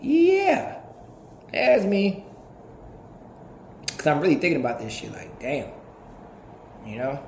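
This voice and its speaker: A man in his thirties talking in a casual, animated, profane podcast monologue, laughing often. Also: a little high, a little slow, vocal fry, long pauses, echoey room, slight background noise. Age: 30s. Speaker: podcast host.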